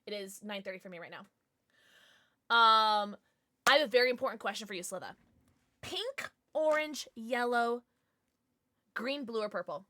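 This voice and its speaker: A young woman chats with her viewers while playing, her voice bright and fairly high. She is jumpy and excitable, breaking into swearing and shrieks when the game scares her. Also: moderate pace, long pauses, a little hiss or hum. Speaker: streamer. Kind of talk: casual gaming livestream chat.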